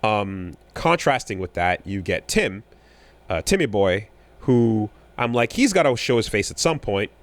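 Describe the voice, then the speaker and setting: A man with a fairly low voice chatting on a podcast. He rambles and restarts often, filling his thoughts with ums and likes. His talk swings between flat asides and bursts of animated excitement. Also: no room sound. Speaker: podcast co-host. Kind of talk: casual chat.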